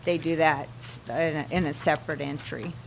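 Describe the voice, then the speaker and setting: Woman, lowish voice, budget explanation, matter-of-fact. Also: fairly even intonation, a little fast, creaky, a little hiss or hum, rough recording. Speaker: staff presenting a budget. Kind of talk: public meeting presentation. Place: public meeting room.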